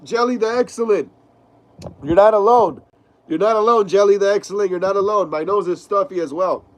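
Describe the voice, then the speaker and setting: Young man, stuffy nose, high-pitched, casual live stream host, says bro. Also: fairly quick. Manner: casual, reads chat messages aloud, says bro a lot. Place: home room.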